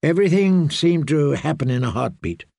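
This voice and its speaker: A man narrating a fantasy audiobook in a measured, dramatic way. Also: fairly high pitch, big pitch swings, creaky, mellow, no echo, clean studio sound. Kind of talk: scripted narration.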